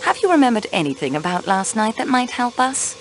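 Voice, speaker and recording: An actress playing a young railway clerk turned investigator in a mystery video game, polite but insistent in questioning. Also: female voice, on the high side, sing-song, fairly quick, slight background noise, poor audio. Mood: poised, probing. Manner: poised, probing, politely insistent.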